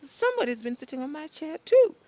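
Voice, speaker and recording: A man voicing a fussy, indignant mother bear in a high falsetto while telling a storybook tale. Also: very animated, fairly quick, warm tone.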